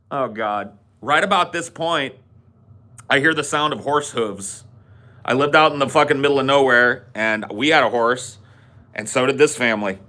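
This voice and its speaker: Bright, animated man telling a story. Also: a little high, normal speed. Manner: animated, profane. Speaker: podcast host. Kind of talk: comedic storytelling.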